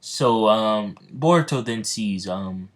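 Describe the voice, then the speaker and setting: A man improvising a fan-fiction story, rambling and halting with lots of fillers, restarts and giggles. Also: on the low side, expressive.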